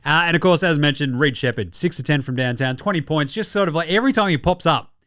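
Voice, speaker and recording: An Australian man hosting a basketball show, ranting in a sweary, excitable and sarcastic way. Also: fairly high pitch, quick pace, no room sound, clean studio sound. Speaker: basketball podcast host. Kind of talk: casual sports commentary rant.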